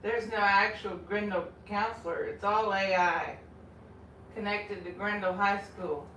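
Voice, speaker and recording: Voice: mid-range voice, fairly even intonation, unhurried, pushed and bright. A channel host chatting in a rambling, self-correcting way, heard from a distance in a roomy space. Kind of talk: casual chat. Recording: roomy, distant, faint noise.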